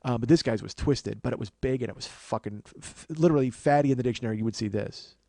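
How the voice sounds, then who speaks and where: Fast-talking man telling comic stories. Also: medium pitch, creaky, mellow, no echo, clean studio sound. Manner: profane, rambling, quick anecdotes with acted-out quotes. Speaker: podcast host. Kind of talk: casual comedic storytelling.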